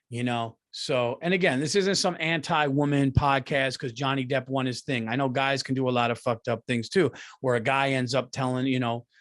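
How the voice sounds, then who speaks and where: A middle-aged man hosting a comedy podcast, telling stories in an animated, profane rant. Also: mid-range voice. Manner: profane, heated, ranting.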